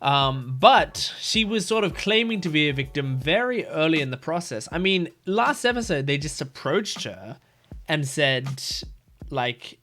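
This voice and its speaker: A man's voice: on the high side, very animated, measured pace, a bit bright, faint music behind. A young man hosting an anime reaction video, thinking aloud in casual commentary with frequent fillers and restarts.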